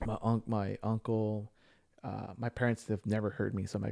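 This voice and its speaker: A man's voice: lowish voice, little pitch movement, normal speed, creaky, dark tone. A man, telling a personal story in casual chat, full of fillers and restarts. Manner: rambling storyteller with many fillers. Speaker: podcast guest sharing his story.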